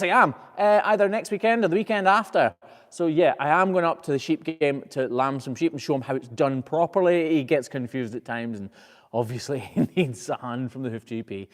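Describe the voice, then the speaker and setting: An easygoing man hosts a casual live Q&A, reading each viewer question aloud after a quick "uh" and answering in a chatty, rambling way. His pitch sits at a middling level for a man. The sound hangs in a long, hall-like reverb. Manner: chatty and easygoing, frequent "uh" before each question, self-correcting restarts. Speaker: professional hoof trimmer and channel host.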